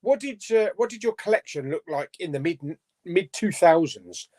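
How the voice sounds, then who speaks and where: A man's voice: high-pitched, lively intonation, moderate pace, a little mellow. A man hosting a casual live stream chat, reading out viewer comments and chatting about them.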